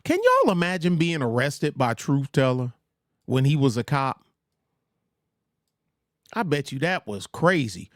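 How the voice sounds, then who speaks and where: Male livestream host, slow and blunt, rambling commentary, slightly high voice, dry close mic. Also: wildly swooping pitch, no room sound. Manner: rambling, blunt, trash-talking asides; mocks others in put-on voices.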